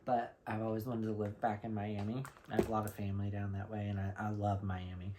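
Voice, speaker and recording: A man from Florida telling a lively, gossipy shopping story in a casual vlog, with blunt slang. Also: lowish voice, fairly quick, background noise. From Florida, USA. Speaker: vlogger.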